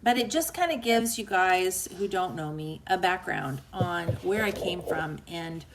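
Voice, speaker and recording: A woman's voice: fairly low pitch, lively intonation, a little slow, crowd noise. A woman author hosting a book club livestream, giving a heartfelt motivational talk to live viewers in an emotional, earnest way and reading out their comments. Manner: emotional and earnest, dips quiet and soft; chatty, reads out viewer comments.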